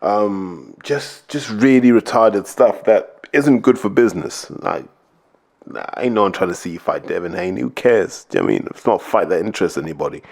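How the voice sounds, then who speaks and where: A man's voice: fairly low pitch, big pitch swings, normal speed, gravelly, darkish tone. A man giving blunt, opinionated commentary on a podcast, emphatic and hammering his points home. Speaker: podcast host, boxing pundit.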